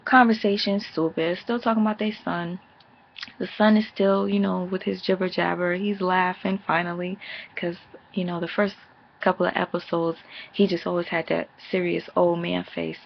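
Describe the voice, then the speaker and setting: This TV episode reviewer speaks in a measured way, her voice low, gravelly and a touch husky. She sums up a reality show casually and crudely, staying sassy and blunt while occasionally mimicking cast members with animated flair. It all comes through muffled and lo-fi, home-recording style.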